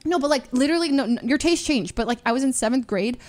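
A young adult woman streamer telling stories in casual chat, animated and full of fillers, acting out the voices she quotes. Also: high-pitched, fast.

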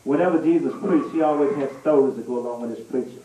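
A man preaching a storytelling sermon, animated and laughing through a comic story. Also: medium pitch, fast, a crowd in the background. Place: church sanctuary. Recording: echoey church room, mic at a distance.

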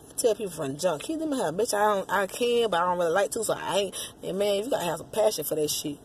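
A woman vlogger ranting casually to her viewers, profane, loud and rambling. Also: mid-range voice, animated, quick pace, a little hiss or hum. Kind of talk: casual rant to the camera.

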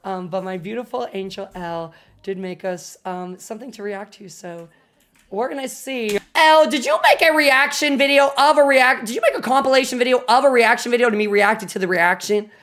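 A young adult woman streaming a reaction video, chatting casually, swearing constantly and bursting into loud laughter. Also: fairly high pitch, brisk. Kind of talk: casual livestream reaction chat.

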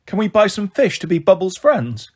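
A man doing a shrill, gabbling little boy. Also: big pitch swings, moderate pace. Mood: eager. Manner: shrieking, gabbling. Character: excitable, whiny little boy.

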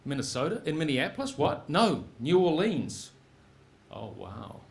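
A man's voice: on the high side, sing-song, a little slow, gravelly. A man telling a live story on stage in the second person, with a wry, punchy delivery. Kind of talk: live spoken-word storytelling.

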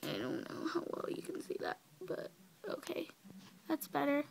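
A woman filming herself on her phone, softly hushing and soothing a baby while chatting casually to her viewers. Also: high-pitched, huge pitch swings, normal speed, gravelly, a little hiss or hum. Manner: soothing, hushing, often soft and whispery. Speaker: vlogger caring for a baby. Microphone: handheld phone.

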